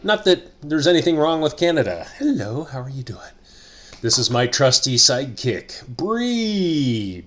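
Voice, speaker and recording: A man's voice: medium pitch, big pitch swings, a little slow, a bit bright. A middle-aged man hosting a casual vlog monologue, rambling and joking with asides. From United States. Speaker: host.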